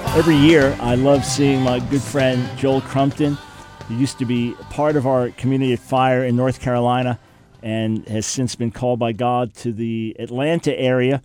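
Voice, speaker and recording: A man's voice: medium pitch, little pitch movement, normal speed, a little mellow, soft background music. A man hosting a radio talk show, introducing his guest and asking questions. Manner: introduces the guest, short interjections.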